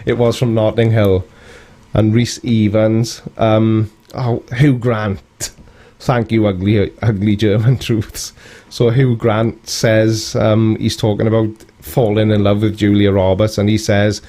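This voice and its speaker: A man's voice: fairly low pitch, level tone, slow pace, pauses often, warm tone. A man hosting a live stream, reading out viewer comments in a rambling, cheeky way and chuckling often.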